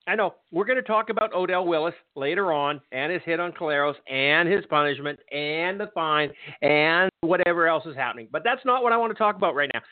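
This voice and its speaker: Guy hosting a podcast, high voice, angry sweary rant, sounds tinny like a phone line. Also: no room sound. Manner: angry, profane, sarcastic ranting. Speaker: podcast host. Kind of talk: ranting sports talk.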